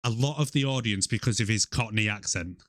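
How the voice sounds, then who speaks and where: A man's voice: lowish voice, brisk, a bit bright, no echo, studio quality. A man from Britain, co-hosting a casual movie review podcast, laughing often and keeping it loose. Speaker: podcast co-host.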